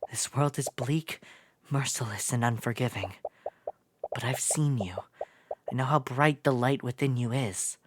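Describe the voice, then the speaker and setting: Woman voicing a loving mother, solemn, earnest, gentle, noisy recording. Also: very deep voice, a little slow, long pauses, voice pushed down.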